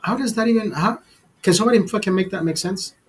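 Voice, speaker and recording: A man's voice: high voice, quick pace, breathy edge, rough recording. A man telling a story to his camera in a heated, profane rant, repeating himself as he goes. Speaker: vlog host.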